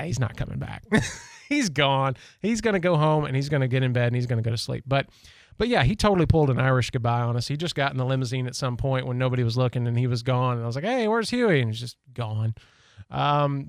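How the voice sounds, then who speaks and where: A man's voice: medium pitch, clean tone, no echo, clean studio sound. A man hosting a local talk radio show, telling stories in a rambling, chatty way with many fillers. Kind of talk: casual storytelling monologue. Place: radio studio. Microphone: studio microphone.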